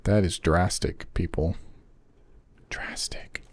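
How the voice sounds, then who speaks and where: A man's voice: on the low side, normal speed, darkish tone, no room sound. A young adult man talking casually with viewers while streaming a game, rambling and chatty. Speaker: gaming streamer. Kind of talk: casual live-stream chat.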